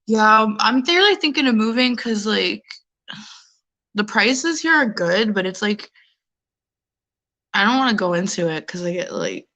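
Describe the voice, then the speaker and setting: A woman from New York City chatting casually as a caller, rambling and animated. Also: medium pitch, a little slow, pauses often, faint music behind. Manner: rambling, animated, acts out other people's voices. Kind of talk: casual chat.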